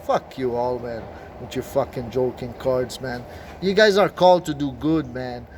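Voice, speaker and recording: A man's voice: medium pitch, moderate pace, a little mellow. Agitated swearing man, faint noise behind. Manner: agitated, swearing, restarts and fillers. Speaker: video blogger. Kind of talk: rambling conspiracy monologue.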